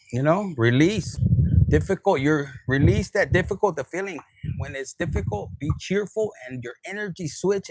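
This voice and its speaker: Gravelly man giving a casual tarot reading. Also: a little high, slight background noise, rough recording. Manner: casual, profane, mixes in Spanish words. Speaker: tarot reader. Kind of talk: spiritual reading monologue.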